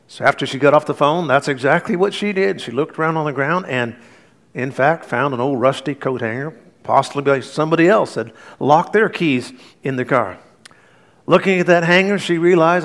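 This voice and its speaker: A middle-aged man preaching from the pulpit in an earnest storytelling manner. He mixes light humor into the message and moves into a quiet prayer. His voice sits in an ordinary middle register. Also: mid-range voice, normal speed. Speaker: pastor. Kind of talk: sermon.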